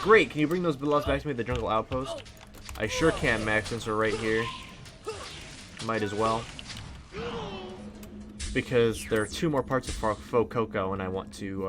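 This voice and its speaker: A man giving casual, rambling gameplay commentary with lots of fillers. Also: lowish voice. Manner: rambling, chatty, many fillers. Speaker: let's play host.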